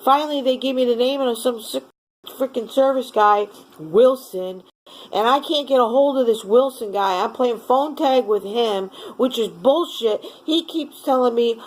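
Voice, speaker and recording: A woman's voice: a little high, measured pace, poor audio. A woman at home ranting furiously in a vlog, swearing constantly. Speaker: vlogger. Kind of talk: angry rant to camera.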